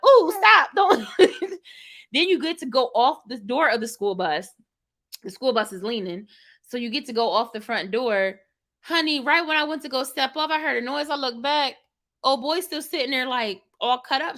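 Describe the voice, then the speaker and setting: A young woman vlogger telling a story casually to her live chat, lively and laughing as she acts out what she said. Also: high-pitched. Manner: animated, laughing, dramatic retelling with quoted exclamations.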